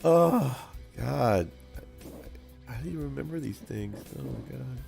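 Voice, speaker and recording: Gravelly, animated man telling stories. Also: medium pitch, slow, music in the background. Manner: animated storyteller, laughs often, voices others loudly. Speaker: co-host. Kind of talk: casual chat while painting miniatures.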